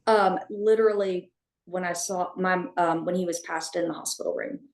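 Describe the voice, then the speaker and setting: A woman's voice: on the low side, fairly even intonation, a little mellow. A woman telling a personal story as a podcast guest, speaking candidly, with many restarts and fillers. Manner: halting, with frequent restarts and fillers. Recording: echoey room.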